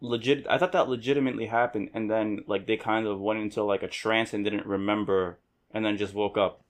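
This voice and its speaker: Male podcast co-host, lowish voice, casual, halting recap of the story. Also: steady tone. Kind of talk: casual movie review chat.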